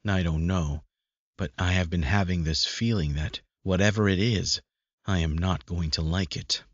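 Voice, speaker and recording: Very low, husky male audiobook narrator. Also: normal speed, dry recording. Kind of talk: first-person audiobook narration. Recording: dull lo-fi recording.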